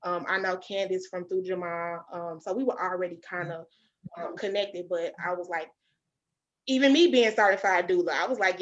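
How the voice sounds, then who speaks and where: A young adult woman hosting a podcast, telling her own story in an animated, emphatic way and calling out to listeners directly. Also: medium pitch, moderate pace. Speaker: podcast host. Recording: slightly dull lo-fi sound.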